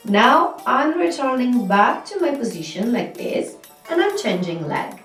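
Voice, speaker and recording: Slow patient woman teaching belly dance. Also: a little high, very animated, fairly bright tone. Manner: slow, patient step-by-step instruction with counting. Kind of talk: instructional dance lesson. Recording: echoey room, mic at a distance, music behind. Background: music.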